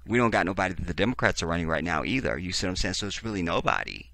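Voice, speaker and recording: A man's voice: low-pitched, expressive, racing, bright, forceful tone, no room sound. A man hosting a profane, sarcastic political commentary, reading text aloud and breaking in with heated reactions. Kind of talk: ranting video commentary.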